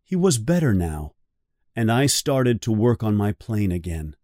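A man slowly and clearly reading a children's story aloud for English learners. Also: lowish voice, dry recording, clean studio sound. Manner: very slow, clear and expressive. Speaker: reader of a graded story for learners. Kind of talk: slow guided story reading.

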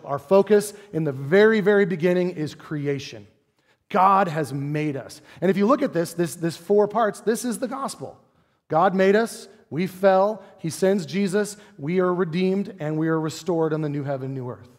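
A man's voice: on the high side, moderate pace, in a large hall. A pastor in his forties preaching a sermon in a conversational, playful way, often asking the congregation rhetorical questions. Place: church sanctuary.

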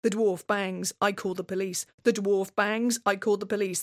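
A woman's voice: mid-range voice, normal speed, hardly any pauses, no room sound, clean studio sound. A woman performing a scripted dramatic monologue in a tense, wary, obsessive way. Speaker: playwright and solo performer.

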